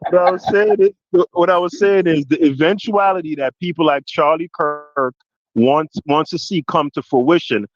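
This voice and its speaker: A man with a Jamaican accent, co-hosting a podcast, asking long winding questions full of restarts and "right?", growing louder and more forceful as he gets passionate. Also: fairly high pitch, normal speed, no room sound, dull audio. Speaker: podcast co-host. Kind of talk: heated political discussion.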